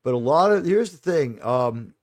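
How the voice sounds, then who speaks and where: A man's voice: medium pitch, expressive, moderate pace, darkish tone, no room sound. A middle-aged man with a New York accent, chatting casually with viewers as a live stream host, rambling and restarting his sentences. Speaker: livestream host.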